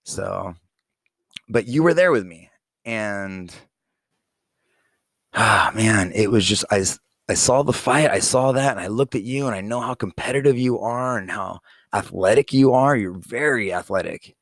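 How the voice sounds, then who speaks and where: A man's voice: fairly low pitch, a little slow, fairly bright tone, no echo, studio quality. A man in his forties talking to his young daughter in a casual, heartfelt monologue, blunt and profane, rambling with many fillers. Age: 40s. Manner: blunt and profane, plain-spoken.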